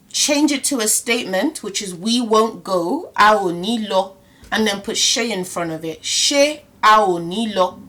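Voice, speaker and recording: A young woman teaching a casual language lesson, laughing often and slowing down to spell out example phrases. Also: medium pitch, a bit bright.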